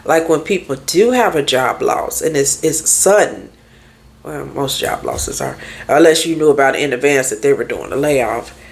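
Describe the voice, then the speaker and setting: A woman's voice: rumbling low, expressive, moderate pace, vocal fry. A woman therapist and life coach talking candidly in a casual podcast monologue, firing off rhetorical questions to her listeners.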